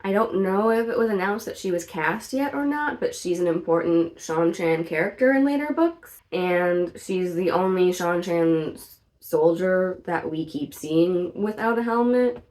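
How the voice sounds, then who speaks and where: A woman talking through a casual TV show review in a chatty, animated way, full of "like" fillers and the odd blunt swear. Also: lowish voice, a little slow, hardly any pauses. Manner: outspoken, swears in mock outrage. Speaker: video reviewer.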